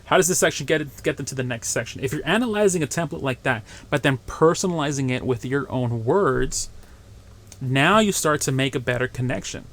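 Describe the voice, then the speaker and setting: A man's voice: expressive, fairly quick. A man hosting his own marketing show, giving solo instructional talk in a coaching tone that keeps checking in with "right?" and "okay?", and lifting his voice to stress key points. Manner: punches up key points with louder, higher bursts. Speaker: marketing podcast host.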